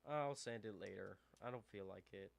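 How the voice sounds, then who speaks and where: A man streaming live as he builds a model kit, talking to himself in a mumbling, self-deprecating way that trails off, on a desk mic turned down low. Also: moderate pace, creaky. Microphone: desk microphone with low gain. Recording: faint hum and buzz behind.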